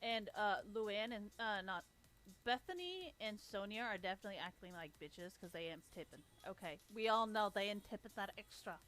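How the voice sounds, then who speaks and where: A woman's voice: medium pitch, expressive, moderate pace, fairly bright tone. Blunt, swearing woman streamer. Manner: blunt, heavy swearing, laughs often. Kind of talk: casual profane rant.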